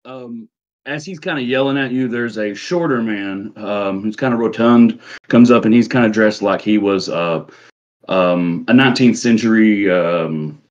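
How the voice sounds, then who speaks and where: A man's voice: fairly low pitch, a little slow, highs cut off. A man narrating as a tabletop game master, rambling with many fillers.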